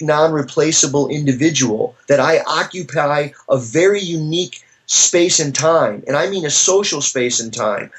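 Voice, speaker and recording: With a somewhat high, slightly bright voice, a man who teaches as a professor muses on philosophical questions during a casual interview. He gropes for the right words, starts sentences over, and leans on storytelling asides to get his ideas across.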